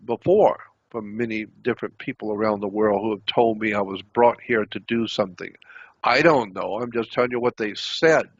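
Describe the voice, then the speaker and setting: A man's voice: medium pitch, slightly rough. An older man telling a story at length, repeating himself as he recounts what was said to him. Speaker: interview guest. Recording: dull lo-fi recording.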